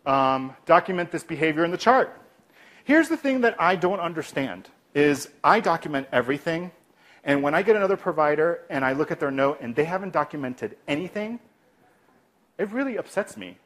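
His pitch is fairly high and his speed normal as this male clinician gives a lively instructional talk on de-escalation. He regularly shifts to a quiet, calm voice while acting out what to say.

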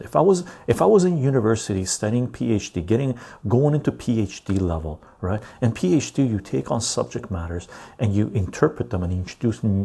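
Man, podcast host, casual political chat, rambling, dark husky tone. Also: on the low side. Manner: rambling, keeps asking "right?".

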